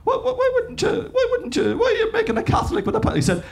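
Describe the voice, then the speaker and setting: A man's voice: very high voice, wildly swooping pitch, fast, creaky, voice pushed up, exaggerated voice. A man doing a comic impression of a fiery older preacher, bellowing and drawing out his words. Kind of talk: stand-up impression.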